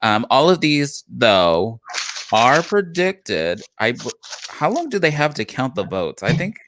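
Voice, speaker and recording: A man's voice: mid-range voice, very animated, a little slow, noisy background. A man co-hosting a casual live stream, reading election results with many fillers and stumbling self-consciously over names.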